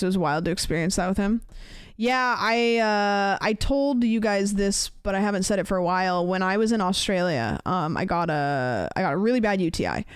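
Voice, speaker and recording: An American woman streamer from the United States chats casually on a livestream, telling a long story full of fillers and restarts. Her medium-pitched voice is smooth, with no echo and studio-quality sound.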